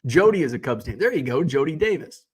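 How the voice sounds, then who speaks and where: A man in his thirties hosting a casual livestream, reading viewer comments aloud and chatting in a relaxed, rambling way, with lots of fillers and restarts, a little tired. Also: a little high, fast, slightly rough. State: yawning, tired. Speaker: card-collecting livestream host.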